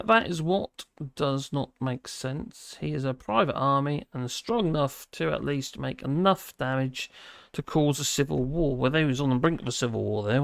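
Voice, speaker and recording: Rambling man with a gravelly voice. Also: medium pitch, a bit bright, no room sound, clean studio sound. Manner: rambling, halting, many fillers and restarts. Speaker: livestream host. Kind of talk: casual live commentary reading viewer comments.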